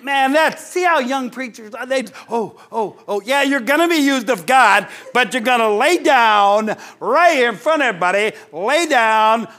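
A man's voice: very high-pitched, animated, moderate pace, few pauses, sharp tone. A man preaching a sermon, folksy and joking, often restarting his sentences. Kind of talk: sermon with live illustration.

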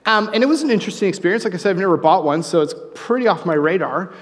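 A man preaching a sermon, conversational and joking, with animated asides. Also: sits high, very fast, in a large hall. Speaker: pastor. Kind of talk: sermon with humorous story.

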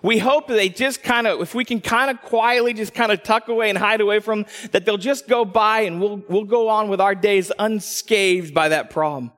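A man telling a personal story as a preacher, animated, dropping low for asides and rising when excited. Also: moderate pace, few pauses. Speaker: pastor. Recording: long hall reverb.

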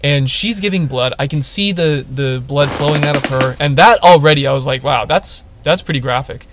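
A man's voice: fairly high pitch, brisk, slight background noise. A young man co-hosting a casual podcast, telling a funny story and acting out the quotes in it. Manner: animated storyteller, acts out quotes. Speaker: podcast co-host.

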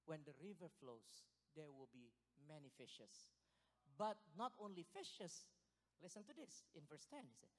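High-voiced excitable preacher in a reverberant hall. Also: male voice, a little slow. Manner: excitable, animated, loud bursts and laughs. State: sweating, short of breath at times. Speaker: pastor. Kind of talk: sermon. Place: church hall.

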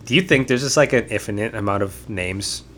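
A man's voice: fairly low pitch, brisk, a bit bright. A man hosting a podcast in a laid-back, easygoing way, opening the episode over an online voice call. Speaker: podcast host. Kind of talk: casual podcast chat.

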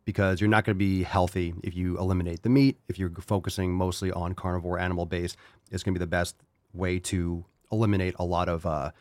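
A man's voice: deep voice, little pitch movement, fast talker, no echo. A man hosting a podcast, ranting and swearing in a worked-up, comic way. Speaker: podcast host. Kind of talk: ranting comedic podcast talk.

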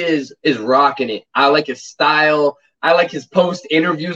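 A man's voice: fairly high pitch, normal speed, hardly any pauses, sharp tone. A man in casual chat, rambling, telling stories and leaning on fillers. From United States. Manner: rambling, storytelling, filler-heavy. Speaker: podcast co-host. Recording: distant, dull mic.

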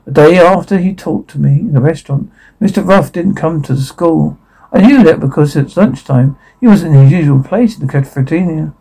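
A man's voice: on the high side, brisk, creaky, dark tone, breathy edge, poor audio. A man voicing a shy, lonely woman teacher who is smitten with a colleague, reading a radio play aloud in an earnest, wistful way.

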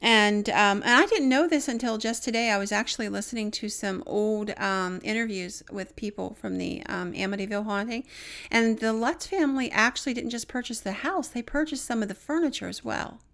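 A woman's voice: fairly high pitch, a little fast, gravelly, fairly bright tone. A woman co-hosting a podcast, chatting casually and telling stories with plenty of fillers. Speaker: podcast co-host, paranormal investigator.

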